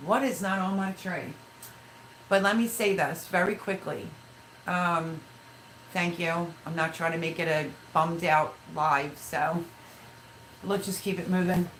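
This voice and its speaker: Low-voiced candid woman livestreamer. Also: fairly even intonation, a little slow, fairly bright tone, slight background noise, poor audio. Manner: candid, rambling, emotional. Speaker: livestream host. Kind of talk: casual live-stream chat, reading viewer comments.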